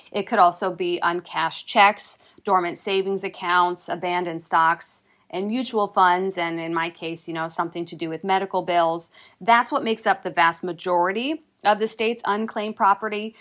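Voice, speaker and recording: A woman's voice: lowish voice, a bit bright. A woman reporter casually explaining consumer news in a chatty, self-joking way.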